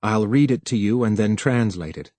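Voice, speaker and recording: A man's voice: on the low side, normal speed, darkish tone, dry recording, lightly acted. A man playing a terse young technician. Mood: tense. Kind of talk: audiobook character voice.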